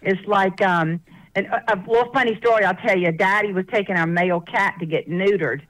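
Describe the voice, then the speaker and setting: A woman's voice: medium pitch, a little fast, a bit bright, rough recording. A woman from the American South with a Southern accent, a guest author telling folksy stories on a radio show. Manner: folksy, laughs often, chatty. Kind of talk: casual interview storytelling.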